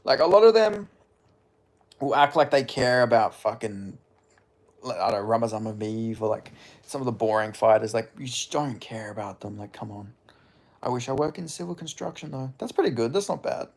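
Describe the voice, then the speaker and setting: A man's voice: mid-range voice, animated, normal speed. Laid-back young Australian man chatting. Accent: mild Australian. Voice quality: laid-back, swears casually. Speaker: streamer answering chat. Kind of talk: casual livestream chat.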